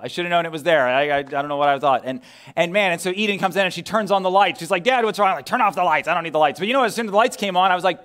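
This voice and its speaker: Fairly high-voiced male pastor preaching. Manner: conversational, swings between loud emphasis and hushed near-whisper; asks the congregation many rhetorical questions. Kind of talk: sermon. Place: church sanctuary.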